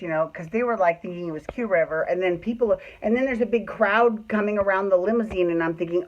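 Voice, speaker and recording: A man's voice: sits high, fast talker, hardly any pauses, highs cut off. A man telling a personal story in a casual, chatty way, swearing freely and acting out what people said. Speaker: storyteller host.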